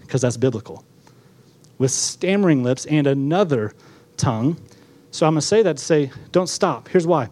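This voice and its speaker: A man preaching a sermon as pastor, conversational and animated, acting out quotes in different voices. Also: fairly high pitch.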